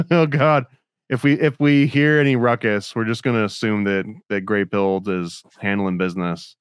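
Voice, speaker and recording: A man hosting a casual podcast chat, relaxed and laughing often, with lots of fillers. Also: on the low side, moderate pace, smooth, no room sound. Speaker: podcast host.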